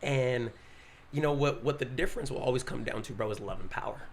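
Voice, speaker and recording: A man, a pastor, telling a story in casual podcast chat, animated, acting out the quotes and saying "bro" often. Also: mid-range voice, a little fast, slight background noise.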